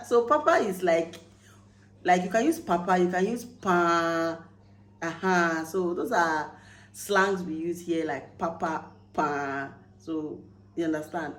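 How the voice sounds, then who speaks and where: Low-voiced Nigerian woman vlogging. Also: a little slow, roomy sound, poor audio. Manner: chatty, animated when quoting phrases. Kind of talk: casual explainer vlog.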